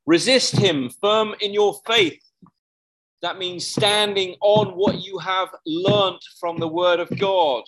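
Male preacher with a slightly high voice, chatty sermon delivery with frequent self-corrections. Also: a bit bright, low-quality recording.

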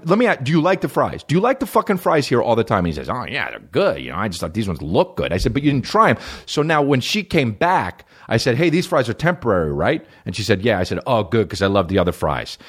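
A husky, medium-pitched male podcast host rants his way through a comedic story on his own. He swears often and animatedly acts out the voices of the other people involved.

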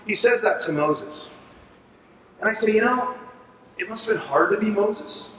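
A man leading a Bible study for ministry leaders, talking in an animated, conversational way and asking the group to agree. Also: high voice, unhurried, slight background noise. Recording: echoey room, far from mic.

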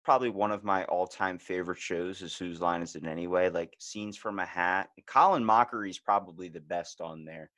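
A man hosting a podcast in casual chat, animated and acting out the voices of people he quotes. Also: low-pitched, normal speed, hardly any pauses, no room sound. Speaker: podcast host.

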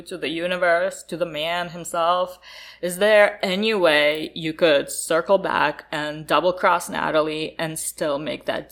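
Woman host, unhurried delivery, gushing and profane, casual interview chat. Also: sits low, fairly bright tone. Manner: gushing, profane, quick to laugh. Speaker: podcast host.

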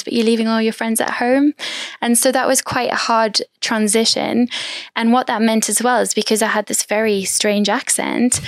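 A woman's voice: a little high, no room sound, studio quality. A woman in her thirties from South Africa, a podcast guest, talking openly and chattily, with light laughs between thoughts. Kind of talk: casual interview chat.

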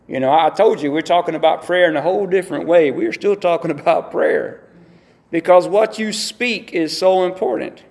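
A middle-aged man preaching a sermon as pastor, telling folksy stories and acting out quotes. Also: fairly high pitch. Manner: folksy, animated storytelling with acted-out quotes. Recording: echoey room.

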